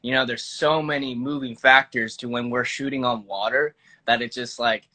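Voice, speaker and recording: A man's voice: mid-range voice, fairly even intonation, moderate pace, sharp tone. A young man in his twenties, an actor guest talking casually in an interview, rambling with lots of fillers and restarts.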